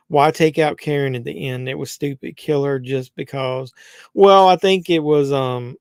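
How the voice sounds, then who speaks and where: A man's voice: on the high side, darkish tone, no room sound. A man hosting a live stream, chatting casually and with strong opinions, rambling with many fillers and restarts. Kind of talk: casual movie review chat.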